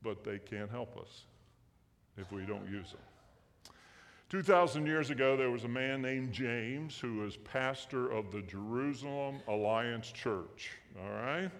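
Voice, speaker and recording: A man's voice: medium pitch, slow pace, in a large hall, a little hiss or hum. A man preaching a sermon as pastor, in a folksy, joking way, asking the congregation questions in a church sanctuary.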